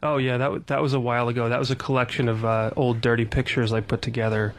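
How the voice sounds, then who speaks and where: A man appearing as an author guest in a radio studio, answering calmly and matter-of-factly. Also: medium pitch, fast talker. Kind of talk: interview answers.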